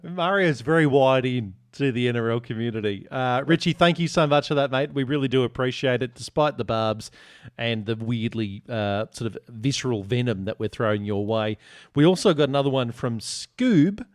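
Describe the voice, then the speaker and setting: A man's voice: medium pitch, moderate pace, no room sound, clean studio sound. An Australian man hosting a sports podcast, reading listener reviews aloud and teasing his co-hosts in casual banter. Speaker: podcast host.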